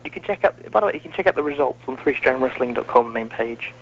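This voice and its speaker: A man hosts a casual wrestling podcast, chatty and poking fun at himself, in a gravelly medium-pitched voice with lively intonation and a quick pace. The audio is muffled and lo-fi.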